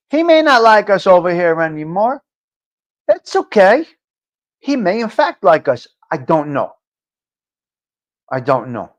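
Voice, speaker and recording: A man hosting a live-stream talk show, giving a blunt, profane monologue that swings from low muttering to loud outbursts. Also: muffled recording. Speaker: livestream talk show host.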